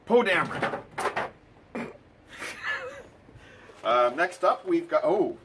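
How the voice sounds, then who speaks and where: A man's voice: on the high side, sing-song, slow, noisy background. A man hosting a casual toy unboxing video, talking with dry, sarcastic remarks and lots of ums and uhs.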